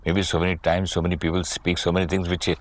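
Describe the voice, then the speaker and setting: A man's voice: sits low, little pitch movement, quick pace. A man hosting a talk show, asking probing questions with hesitant restarts. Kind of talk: questioning interview chat.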